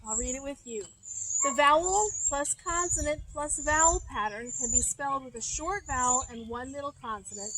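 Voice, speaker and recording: High-voiced teacher spelling words aloud. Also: female voice, fairly bright tone, a little hiss or hum. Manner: patient, methodical, spells words letter by letter; frequent um fillers, thinking aloud. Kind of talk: recorded classroom lesson.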